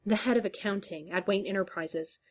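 A woman's voice: mid-range voice, brisk, close to an everyday voice. A woman voicing a wary adult man who speaks tersely, reading a story. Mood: explaining. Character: wary, tough adult man under pressure.

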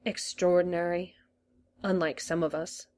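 A woman's voice: fairly low pitch, flat delivery, unhurried, a little mellow, natural voice. A woman reading a story aloud, voicing a gloomy male Time Lord who mumbles and sulks. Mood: sulky. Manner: mumbling and sulky.

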